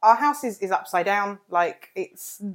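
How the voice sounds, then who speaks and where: A chatty woman, co-hosting a relaxed podcast. Her voice sits at a middling pitch, and she keeps restarting her sentences as she goes. The talk is loose and conversational. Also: a little slow. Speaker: podcast co-host. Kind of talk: casual chat.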